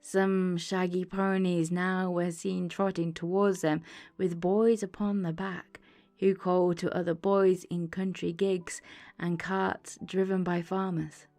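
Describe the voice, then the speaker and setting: Slow, calm woman reading an audiobook. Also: fairly low pitch. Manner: calm, measured storybook reading. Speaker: audiobook narrator. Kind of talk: bedtime audiobook narration. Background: soft ambient music.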